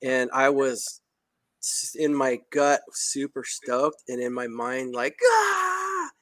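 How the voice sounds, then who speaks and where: A man hosting a podcast, talking in a casual, emphatic and excitable way with slang. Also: medium pitch, slow, no room sound. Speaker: podcast host.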